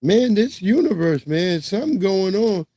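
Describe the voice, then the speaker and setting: A man's voice: high-pitched, normal speed, no room sound. A man in his thirties hosting a livestream, giving loose, profane, casual commentary on news clips. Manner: loose, profane, animated storytelling. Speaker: livestream host.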